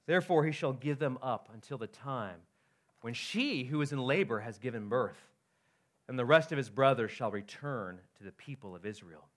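A man's voice: medium pitch, lively intonation, normal speed, fairly bright tone. A man preaching a sermon as pastor, talking casually to his congregation, often checking in with "right?" and reading scripture aloud.

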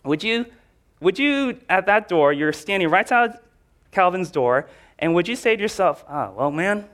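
A man delivering a relaxed, conversational sermon in a slightly high voice. He tells it like a story, full of chatty filler words, and speaks directly to his listeners. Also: moderate pace. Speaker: preacher.

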